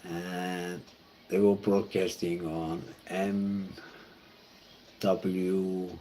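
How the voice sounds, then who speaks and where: A man from Iceland with an Icelandic accent, a pastor telling personal stories in a halting, reflective way. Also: low voice, level tone, dark tone, slight background noise. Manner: halting and reflective, with many fillers and restarts. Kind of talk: personal storytelling talk.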